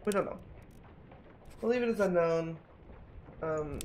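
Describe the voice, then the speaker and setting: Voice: mid-range voice, unhurried, a little mellow, a little hiss or hum. A streamer thinking aloud while playing a mystery game, musing and often repeating themselves while puzzling things out. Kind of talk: casual think-aloud gameplay commentary.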